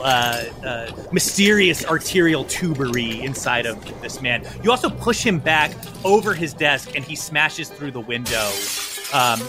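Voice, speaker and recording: A man narrating a tabletop game as game master, animated and quick to laugh. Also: mid-range voice. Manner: animated, excitable, laughing often.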